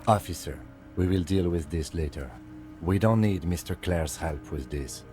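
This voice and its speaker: A man's voice: deep voice, normal speed, mellow, faint music behind, lightly acted. A man playing a clipped, stern police lieutenant. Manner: clipped, composed. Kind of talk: video game voice acting.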